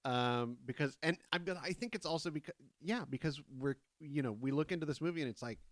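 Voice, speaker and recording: A man co-hosting a film podcast in casual chat, recounting scenes in a relaxed, filler-heavy way. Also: on the high side, quick pace, dry recording, clean studio sound. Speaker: podcast co-host.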